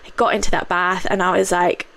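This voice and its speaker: Candid, halting woman podcaster. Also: fairly low pitch, flat delivery, fairly bright tone. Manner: halting, candid, many fillers and restarts. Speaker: podcast host. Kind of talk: personal podcast monologue.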